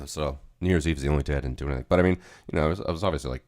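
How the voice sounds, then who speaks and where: A man's voice: rumbling low, racing. A man hosting a casual livestream, chatting in a rambling, profane way. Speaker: livestream host.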